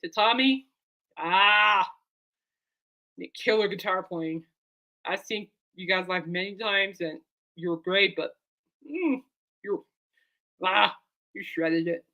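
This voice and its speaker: Woman vlogger, bright forward voice, loose rambling heartfelt chat to camera. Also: medium pitch, slow pace, long pauses. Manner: rambling and heartfelt, talks aside to her dog. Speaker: vlogger and fan.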